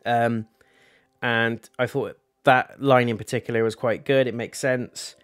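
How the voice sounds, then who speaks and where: A young man talks through a TV episode in a loose, rambling way. He swears casually, keeps his pitch in an ordinary middle range, and faint music plays underneath. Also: steady tone, a little slow, a bit bright. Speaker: TV reviewer. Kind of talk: casual spoken review.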